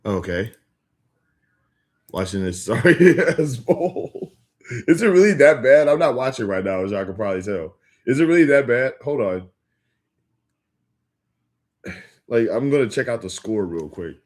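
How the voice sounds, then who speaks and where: A young man chatting casually with viewers on a livestream, rambling with lots of filler words and quick restarts. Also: mid-range voice, lively intonation. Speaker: livestream host. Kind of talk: casual live-stream chat with viewers.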